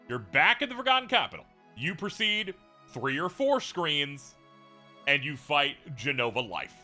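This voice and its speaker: A man giving animated, profane video game commentary as a let's play host, with frequent laughing asides. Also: fairly high pitch, moderate pace, faint music behind.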